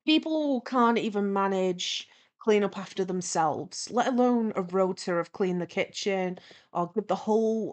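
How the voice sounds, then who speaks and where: Chatty woman telling a story. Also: mid-range voice. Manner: chatty, animated retelling with lively quoted dialogue. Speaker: streamer. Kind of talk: casual storytelling while animating.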